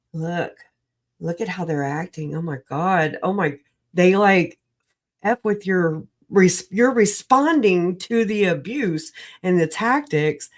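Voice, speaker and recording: A woman on a livestream video call, recovering from an illness, talking in an animated, rambling way, laughing often and swearing. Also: sits low. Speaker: livestream guest. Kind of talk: casual livestream chat.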